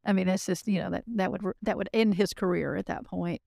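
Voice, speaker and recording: A woman guest on a podcast, telling client stories in a lively, casual way and acting out the voices of the people she quotes. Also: lowish voice, fairly quick, vocal fry, dry recording, studio quality. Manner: animated storyteller, acts out quoted voices. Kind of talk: casual interview storytelling.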